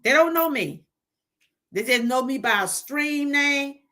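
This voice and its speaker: A woman's voice: high-pitched, lively intonation, measured pace, pushed and bright. A middle-aged woman from Georgia, hosting a casual livestream and giving a heartfelt testimony straight to her viewers. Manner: heartfelt, talks straight to viewers, reads out chat. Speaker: livestream host.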